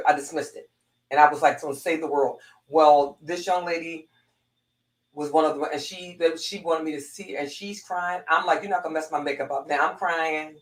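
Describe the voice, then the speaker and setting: A woman's voice: sits low, reverberant, poor audio. A woman, a former police corporal, telling a heartfelt personal story with lots of restarts and repeats.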